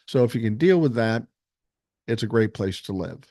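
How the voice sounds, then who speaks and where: A man's voice: on the low side, expressive, normal speed, darkish tone, dry recording, clean studio sound. A man, hosting a casual livestream, reading chat comments and answering bluntly with plenty of swearing. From Minnesota, USA. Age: 60s. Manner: blunt, frequent swearing, reasonable tone. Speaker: podcast host reading live chat.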